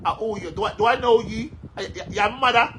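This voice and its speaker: A man's voice: high voice, fairly quick, pushed and bright, a little hiss or hum, rough recording. A man with a Jamaican accent, angrily ranting at his followers, cursing and repeating himself. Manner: heated, cursing, repetitive. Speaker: social media commentator. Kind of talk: angry rant to followers.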